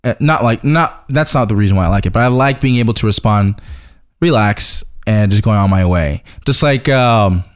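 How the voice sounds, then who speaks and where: A man's voice: lowish voice, moderate pace, smooth. A young man co-hosting a casual chat, telling stories and laughing often. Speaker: podcast co-host.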